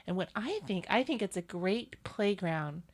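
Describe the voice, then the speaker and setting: A woman's voice: medium pitch, expressive, normal speed. A woman hosting a political talk show, speaking in an earnest, opinionated, conversational way. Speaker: host.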